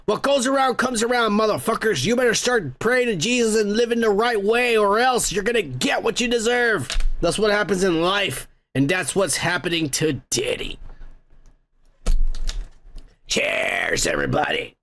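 A man's voice: high-pitched, lively intonation, normal speed, fairly bright tone. A tipsy male podcast host in a profane, rambling rant, swearing and laughing often. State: tipsy from beer.

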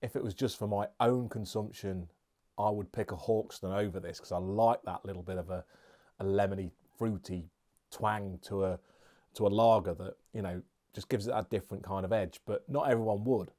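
A man's voice: fairly low pitch, moderate pace, mellow. A man reviewing beer and snacks in a casual, chatty, jokey vlog with rambling asides.

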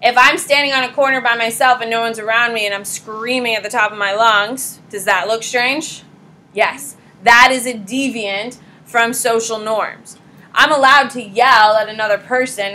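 A pregnant woman teaching a high school psychology class in a casual, blunt lecture style, talking straight to her students. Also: moderate pace, bright, forceful tone, rough recording.

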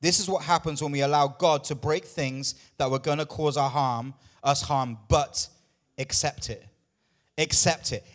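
A man preaching a sermon in church, emphatic and repetitive, at times out of breath. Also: fairly high pitch. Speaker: pastor.

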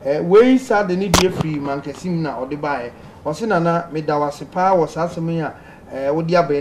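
Lively male call-in radio host. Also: a little high, fairly quick, slight background noise. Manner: lively, laughing, pleading with callers to speak. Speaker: radio host reading listener messages. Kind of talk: call-in advice show.

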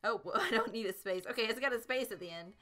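A young woman from South Carolina chats and giggles through a live game stream, speaking fast in a fairly high, pushed, bright voice. She's bubbly and talkative with her chat while commenting on her gameplay.

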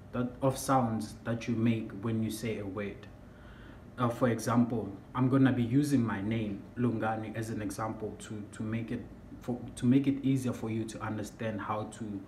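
Slow, hesitant young man. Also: medium pitch, darkish tone. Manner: halting, repeats himself, searches for words. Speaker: language teacher. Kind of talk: casual spoken lesson. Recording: echoey room with faint background hum.

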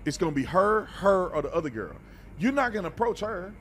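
A man with a slightly high voice gives casual reaction commentary, blunt and preachy, stumbling over repeated words. Faint ambient noise sits behind him. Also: lively intonation, brisk, a bit bright. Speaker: reaction video host.

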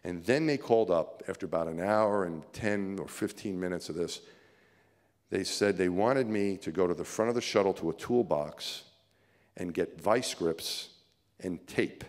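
Middle-aged male keynote storyteller, low-pitched, animated and chuckling, in a big reverberant hall. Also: moderate pace. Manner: vivid storyteller, chuckling, swinging from hushed to excited. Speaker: keynote speaker. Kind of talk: storytelling speech to an audience.

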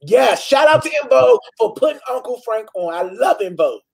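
Flamboyant husky man hosting a live stream. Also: extremely high pitch, brisk. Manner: flamboyant, exclamatory, animated. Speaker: host of a live online talk show. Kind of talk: casual live-stream chat reading comments.

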